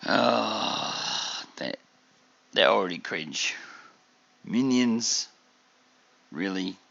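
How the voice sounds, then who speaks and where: A man from Australia talks over a video he is reacting to, slow and rambling, piling on fillers as he grumbles. His voice sits very low with a gravelly fry, yet has a bright edge. The recording sounds dull and lo-fi. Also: animated, dry recording. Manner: annoyed, rambling with many fillers. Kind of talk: casual reaction commentary.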